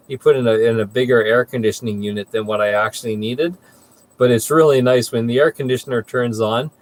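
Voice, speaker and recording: A man hosting a ham radio net in easygoing, chatty talk, often pausing with uhs. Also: medium pitch. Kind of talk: casual radio chat.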